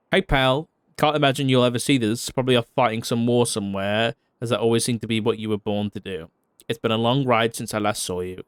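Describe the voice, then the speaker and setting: Low smooth-voiced man reading a heartfelt letter. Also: no room sound, studio quality. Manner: heartfelt yet profane, wry asides. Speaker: roleplayer reading a farewell letter.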